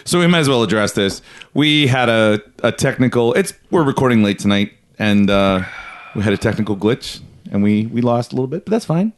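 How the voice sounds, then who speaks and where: A man's voice: medium pitch, animated, fairly quick. A young man from Canada hosting a casual conspiracy podcast, rambling through his notes with restarts and frequent laughs. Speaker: podcast host.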